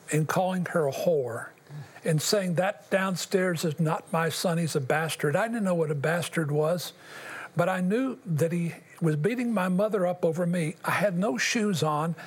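An older man, a guest in an interview, telling his personal testimony in an earnest, halting way with long pauses. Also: sits high, husky.

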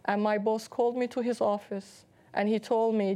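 Woman guest, English speaker, earnest testimony, voice a bit high. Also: level tone, moderate pace, dark tone. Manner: earnest, rising to emotional emphasis when quoting. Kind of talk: testimony on a talk show.

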